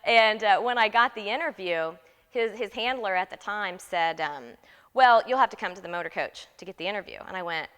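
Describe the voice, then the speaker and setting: Bright, lively woman telling a story. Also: medium pitch, fairly quick, clear, resonant tone, long reverb tail. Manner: lively, laughing, acts out quotes. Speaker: interview guest. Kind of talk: animated storytelling.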